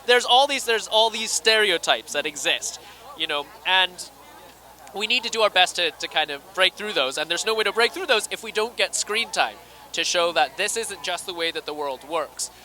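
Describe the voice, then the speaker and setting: Scottish man, interview at an event, high voice, very bright tone, rapid talk. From Scotland. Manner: fast, animated, acts out quoted voices. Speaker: interviewee, actor and magician. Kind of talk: casual red carpet interview. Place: outdoor red carpet event.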